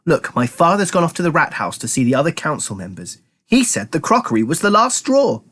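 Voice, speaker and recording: A man's voice: fairly high pitch, sing-song, fairly quick, fairly bright tone, breathy edge, voice pushed up, exaggerated voice. A man doing a bossy, dramatic young girl. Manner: bossy, theatrical. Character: bossy, dramatic young girl who loves adventure stories.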